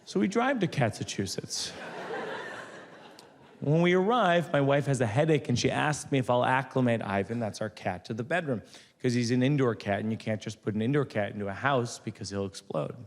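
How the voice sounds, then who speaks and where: A man in his forties doing conversational stand-up storytelling on a theater stage, wry and building to loud punchlines. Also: mid-range voice, expressive, a little fast. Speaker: stand-up comedian. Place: theater stage before an audience. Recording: long hall reverb, audience noise.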